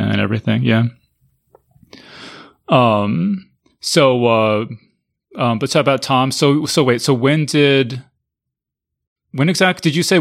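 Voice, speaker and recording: A man's voice: mid-range voice, gravelly. A man hosting a casual podcast chat, rambling and asking his guest questions. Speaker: podcast host.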